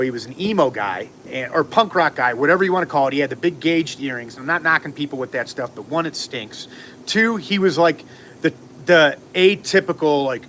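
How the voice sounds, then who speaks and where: A man telling a long story on a casual livestream, rambling and animated, acting out what people said. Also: a little high, a little hiss or hum. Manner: rambling, animated, acts out quotes.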